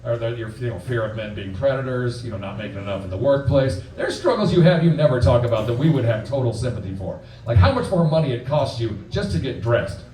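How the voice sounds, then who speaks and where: A man in his forties doing a stand-up comedy set, crude and punchy, acting out quick voices. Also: mid-range voice, animated, dark tone, slight background noise. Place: comedy club stage before a live audience. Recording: roomy club sound from a distance, audience laughter.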